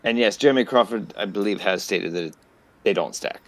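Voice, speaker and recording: A man's voice: lowish voice, brisk, dry recording. A man playing in a tabletop game. He is chatty and weighs in on the rules between jokes. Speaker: player.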